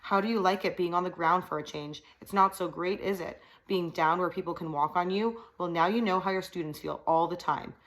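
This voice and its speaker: A woman's voice: fairly low pitch, brisk, hardly any pauses, fairly bright tone, lightly acted. A teenage boy talks in a put-on nasal twang, taunting and mocking, as a woman reads him aloud. The lines sound pinched and snide. It sounds like an audiobook reading. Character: teen boy faking a nasal hillbilly twang.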